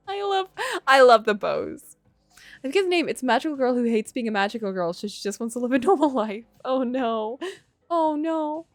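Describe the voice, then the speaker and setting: A woman's voice: medium pitch, big pitch swings, a little slow, no room sound. A young adult woman streaming a game, chatting casually and giggling, with the odd swear word. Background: faint game music.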